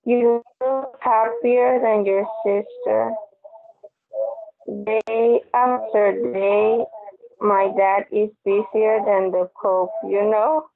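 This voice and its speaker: A woman student slowly reading example sentences aloud in an online class. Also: mid-range voice, fairly even intonation, soft background music. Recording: phone-like audio.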